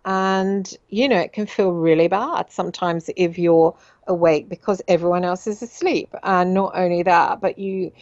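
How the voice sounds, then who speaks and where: A woman's voice: on the low side, fairly even intonation, normal speed, darkish tone, no room sound, highs cut off. A middle-aged woman hosting a radio show, talking in a rambling, confiding way with many fillers and repeated words. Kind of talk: casual monologue.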